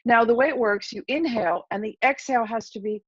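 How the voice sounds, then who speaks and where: A woman's voice: a little high, fast, breathy edge, no room sound. Woman therapist guest, confident instructor, dry dull lo-fi remote audio. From England. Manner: confident, instructive, warm-paced coaching. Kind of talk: interview answers with a guided breathing demo.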